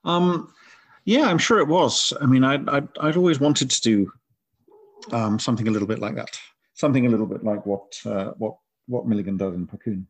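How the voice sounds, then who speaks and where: A middle-aged author talking in a relaxed interview, thoughtful and rambling with frequent restarts. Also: male voice, medium pitch, a little fast, husky, no echo. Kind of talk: casual interview chat.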